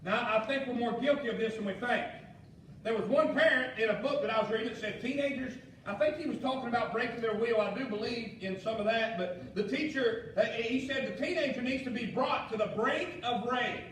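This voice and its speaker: High-pitched preaching man in echoey church. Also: brisk. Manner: preaching with shouted emphasis and folksy asides. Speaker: pastor. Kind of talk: fiery sermon. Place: church sanctuary. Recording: echoey church hall, mic far off, faint noise.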